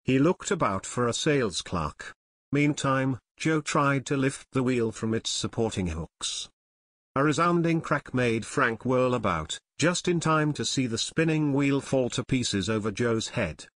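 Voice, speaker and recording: A male audiobook narrator reading at a steady, even pace of storytelling. His pitch is mid-range and the recording is very dry and close, with no room sound. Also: measured pace, no room sound. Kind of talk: scripted narration.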